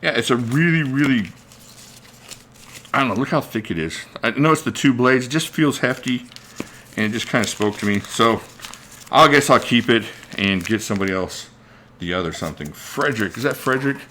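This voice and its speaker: A man's voice: medium pitch, expressive, a little fast, fairly bright tone, a little hiss or hum. A man hosting a casual livestream, rambling and thinking aloud as he greets viewers by name. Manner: reads out viewer names mid-talk. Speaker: knife channel host.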